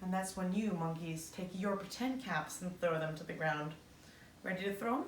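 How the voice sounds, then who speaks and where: A woman's voice: fairly low pitch, moderate pace, echoey room, distant mic, a little hiss or hum. A woman hosting children's story time, encouraging the kids directly as she leads an act-out.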